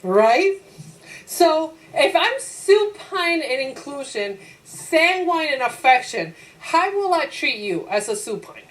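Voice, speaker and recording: A woman teacher giving a lively classroom lecture. She acts out her own inner voice in quotes, asks the class rhetorical questions and laughs easily. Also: high voice, slow pace, rough recording.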